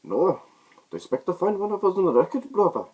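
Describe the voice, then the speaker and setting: Man doing a masked villain impression, booming, high-pitched, menacing, husky. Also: sing-song, fairly quick, a little mellow. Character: menacing masked male villain, loud and commanding.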